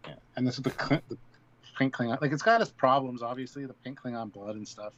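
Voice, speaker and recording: A man's voice: medium pitch, fast talker, fairly bright tone, muffled recording. A man co-hosting a casual live film discussion, rambling and repeating words while he searches for what to say. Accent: British. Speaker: co-host.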